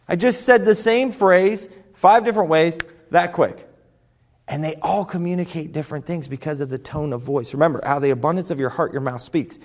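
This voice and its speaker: A man's voice: on the high side, brisk. Emphatic male motivational speaker. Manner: emphatic, rising and falling for effect. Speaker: personal development speaker. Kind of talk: motivational talk.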